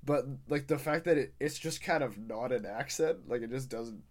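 A man co-hosting a casual film-review podcast, animated and quick to agree and chime in. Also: medium pitch. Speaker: podcast co-host.

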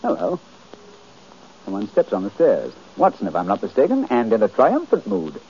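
An actor playing a brisk, sardonic middle-aged detective in a 1940s radio drama, crisp and ironic. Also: male voice, fairly low pitch, wildly swooping pitch, noisy background. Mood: teasing. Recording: dull lo-fi old radio recording.

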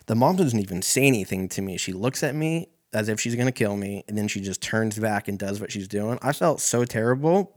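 Podcast host, male, lowish voice, loose profane storyteller who restarts sentences. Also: expressive, brisk, few pauses. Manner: rambling, heavy swearing, self-correcting. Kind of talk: casual storytelling monologue.

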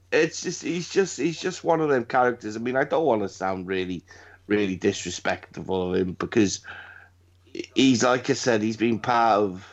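A man hosting a casual wrestling chat, rambling, swearing often and repeating his words. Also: medium pitch. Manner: rambling, profane, repeats himself. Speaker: podcast host. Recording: dull lo-fi recording.

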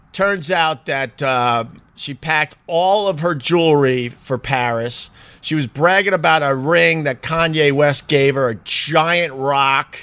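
A man's voice: on the high side, bright, forceful tone, clean tone. A man in a rambling, chatty commentary full of fillers. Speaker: vlogger. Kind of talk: casual commentary.

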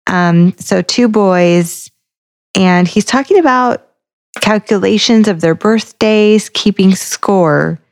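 A woman's voice: mid-range voice, takes it slowly. A woman co-hosting a casual podcast chat, talking through song lyrics line by line and thinking aloud as she goes. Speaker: podcast co-host.

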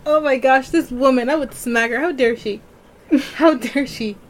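A woman's voice: high-pitched, normal speed, a little hiss or hum. A young woman co-hosting a story podcast, teasing her friend and laughing often. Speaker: podcast co-host. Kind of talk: casual chat.

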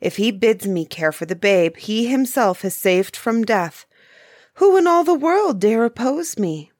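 A woman's voice: on the high side, lively intonation, a little slow, a little mellow, no echo, studio quality, voice pushed up. A woman voicing a bold, defiant young female nymph in a storybook reading. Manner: pleading, defiant.

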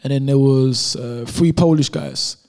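A man's voice: medium pitch, unhurried, gravelly, a little mellow. A man from London, a YouTuber, telling a travel story in casual chat, laid-back and full of slang asides. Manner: laid-back, peppers talk with "bro" and "whatever".

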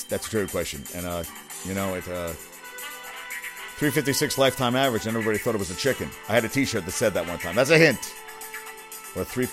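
A lower-voiced man hosting a casual sports talk show, rattling off items quickly with fillers and restarts, swearing freely. Faint music plays underneath his talk. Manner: rapid, rambling, profane, with many fillers. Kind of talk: casual solo sports commentary.

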